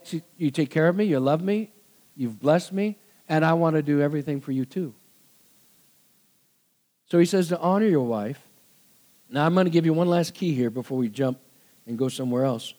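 A middle-aged pastor with a fairly high voice preaches a conversational sermon. He's animated, laughs readily, and acts out the voices he quotes.

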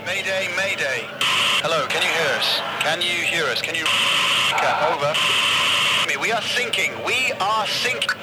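A man's voice: fairly high pitch, expressive, unhurried. An actor playing a panicked male sailor on a sinking boat, pleading desperately over a radio transmission. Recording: crackly radio call over loud noise. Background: loud noise.

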